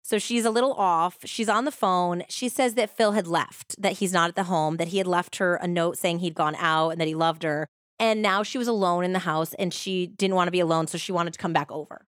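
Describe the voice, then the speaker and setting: Woman podcast host, casual storyteller, slightly low pitch, dry close sound. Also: steady tone, fairly quick, dry recording. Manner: chatty, lots of "like" fillers. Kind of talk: casual true-crime storytelling.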